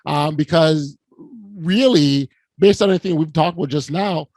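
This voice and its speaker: A man with a somewhat high voice hosts a podcast interview, affirming his guest and restarting his phrases as he talks. The sound is dry and close, with no room around it. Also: moderate pace, a little mellow, dry recording. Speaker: podcast host. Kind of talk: interview conversation.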